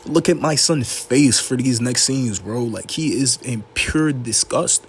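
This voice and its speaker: Man, casual movie recap, slangy and animated, mid-pitched voice, faint hiss behind. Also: measured pace. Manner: animated, slangy storytelling with frequent laughs. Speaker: movie reviewer.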